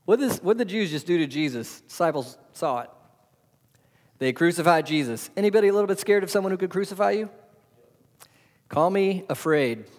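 Animated preacher man in a reverberant hall. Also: high-pitched, fairly quick, pauses often. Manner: animated preaching, rhetorical questions, swings loud to soft. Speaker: pastor. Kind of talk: sermon. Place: church hall.

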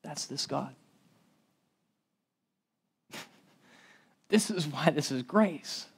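A high-voiced man delivering a sermon as a pastor. He speaks conversationally and emphatically, often restarting phrases and tossing asides to his listeners. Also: animated, very slow, breathy edge.

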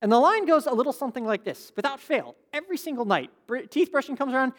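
A middle-aged man preaching a sermon as pastor, in a relaxed, conversational and humorous way. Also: very high-pitched, fast talker, in a large hall.

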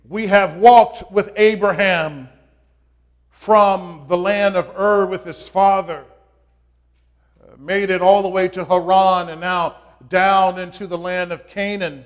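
A man preaching a sermon, opening with a joke, in a slow and halting delivery with frequent pauses and fillers. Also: high-pitched, fairly even intonation. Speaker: pastor.

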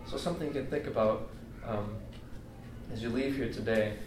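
A man's voice: mid-range voice, brisk, noisy background. A man preaching a casual, heartfelt sermon in an everyday way, with many fillers. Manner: earnest, informal, many fillers. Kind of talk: conversational sermon. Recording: echoey room, mic at a distance.

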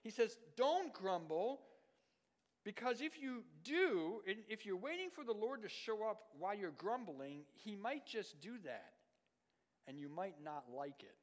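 A middle-aged man preaching a sermon as pastor, swinging from loud, emphatic lines to hushed, low asides. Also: big pitch swings, unhurried. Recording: long reverb of a large hall.

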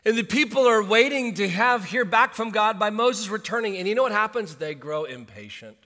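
A male pastor preaching a sermon, swinging from hushed asides to shouted urgency. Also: sits high, animated, moderate pace. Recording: long hall reverb.

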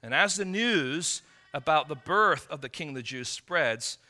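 A man's voice: on the high side, lively intonation, a little slow, sharp tone. A man preaching a sermon, teaching through a passage with rhetorical questions and frequent restarts. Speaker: pastor.

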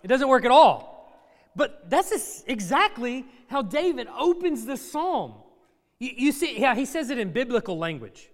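A man's voice: very high voice, sing-song, normal speed. A man preaching a sermon to a congregation, conversational with dry sarcastic humor. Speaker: pastor. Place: church sanctuary. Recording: long reverb of a church hall.

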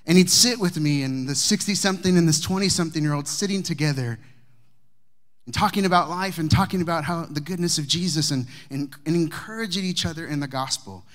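A man preaching, a pastor telling a personal story to his congregation with humor and warmth of delivery. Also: a little high, a little fast. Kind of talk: sermon storytelling. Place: church sanctuary with congregation.

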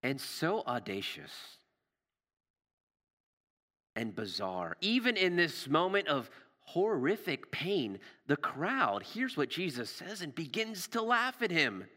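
A male pastor preaching a sermon in a storytelling way, rising for drama and dropping low and soft for tender moments. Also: sing-song, slow, in a large hall.

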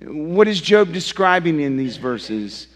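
A male pastor preaching a sermon, emphatic and swinging from loud to hushed, often asking his listeners direct questions. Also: fairly high pitch, big pitch swings, slow pace. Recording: long reverb of a large hall.

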